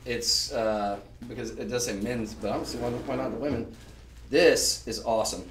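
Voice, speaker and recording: A man hosting a live shopping show, chatting on and piling up descriptive words as he pitches. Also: fairly even intonation, normal speed, distant mic, background noise. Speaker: shopping channel host. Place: shopping channel studio. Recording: roomy sound, voice off-mic.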